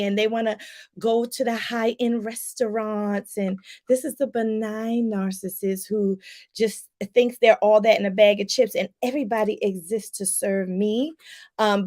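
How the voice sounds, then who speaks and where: A woman life coach talking casually to her viewers, chatty and loose, with lots of fillers and acted-out examples. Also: mid-range voice. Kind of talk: casual explanatory talk to viewers.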